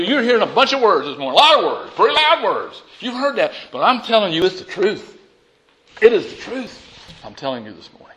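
Preaching with lively emphasis and frequent chuckles, a middle-aged male pastor has a high, bright, forceful voice that ranges widely in pitch. The audio is poor, with a little hiss or hum.

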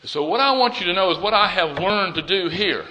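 A man preaching a sermon as pastor, swinging from loud and urgent to hushed and pleading as he acts out prayers. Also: high voice, lively intonation, a little fast.

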